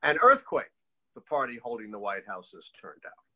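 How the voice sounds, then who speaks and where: A man's voice: medium pitch, moderate pace, low-quality recording. An older man, a political historian, telling stories in an interview and acting out the people he quotes. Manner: animated storyteller who acts out quoted voices. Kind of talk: storytelling interview.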